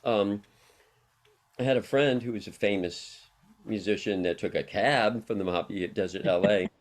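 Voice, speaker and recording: A man's voice: fairly low pitch, moderate pace. A middle-aged man, a guest on an interview show, telling long rambling personal stories with frequent laughs. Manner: rambling, anecdotal, laughs often. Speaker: interview guest, harm reduction worker. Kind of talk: casual storytelling interview.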